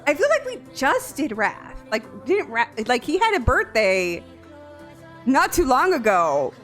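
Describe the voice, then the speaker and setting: A woman's voice: high-pitched, a little slow, faint music behind. A young woman streaming from home, chatting casually and often breaking into laughter and playful whining. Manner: giggly, excitable, lots of laughing and whining. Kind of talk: casual live-stream chat. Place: home room.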